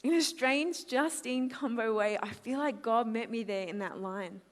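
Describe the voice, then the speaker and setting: A woman in her twenties with an Australian accent, a conference speaker giving a lively testimony talk and acting out her own quotes. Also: on the high side, normal speed. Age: 20s. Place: large hall. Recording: long hall reverb.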